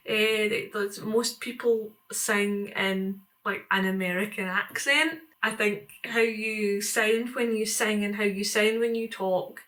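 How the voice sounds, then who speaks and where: A woman's voice: mid-range voice, fairly even intonation, takes it slowly, hardly any pauses, a bit bright. A middle-aged woman, talking to camera in a casual vlog, rambling and reflective with many fillers and restarts. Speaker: vlogger.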